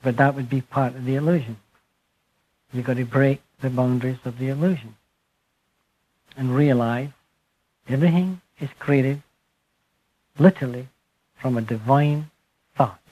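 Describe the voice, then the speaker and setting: Husky man giving a slow spiritual talk. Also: mid-range voice, muffled recording. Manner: slow, emphatic, trailing off softly at phrase ends. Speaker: speaker addressing a group. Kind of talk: spiritual talk to a live audience.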